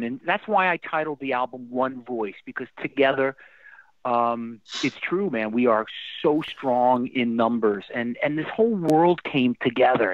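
A middle-aged man, a guest musician telling stories in a casual interview, animated and emotional, often restarting his sentences. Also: mid-range voice, no room sound. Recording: dry tinny phone-like line.

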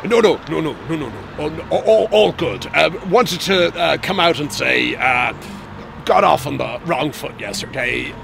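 A man's voice: a little high, animated, normal speed, creaky, noisy background. A man playing a flustered, stammering miser lawyer who is trying to mend his ways. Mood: jovial. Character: grumpy miserly lawyer uncle, male, reforming. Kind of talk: comedy sketch acting.

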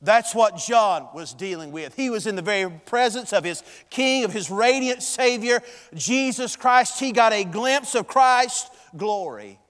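A male pastor, preaching a sermon with dramatic swings in loudness and pace. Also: high voice, animated, unhurried, big-room sound.

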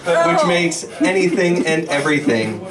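A young man doing his first stand-up set in a small bar, with a measured, deadpan delivery. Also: a little high. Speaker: first-time stand-up comedian. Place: small bar comedy stage. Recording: distant mic with loud crowd laughter.

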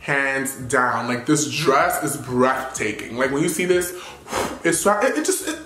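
A man giving sassy, animated red carpet fashion commentary full of playful slang. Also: medium pitch, slow, roomy sound.

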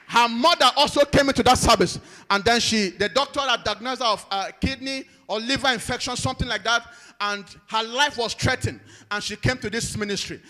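A man ministering at a church service, relaying testimonies in a sing-song preaching cadence that swells into loud exhortations. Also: very high voice, fairly quick, big-room sound.

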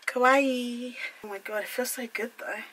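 A woman's voice: mid-range voice, steady tone, fast, fairly bright tone, husky, low-quality recording. A young woman vlogging at home, flustered and exclaiming in disbelief as she swears her way through cutting her hair. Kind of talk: casual vlog.

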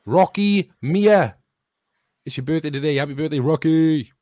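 A slightly higher-voiced man reads listener shout-outs on a podcast with upbeat, announcing energy. The sound is dry and close, with no room around it. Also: normal speed, no echo. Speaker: podcast co-host.

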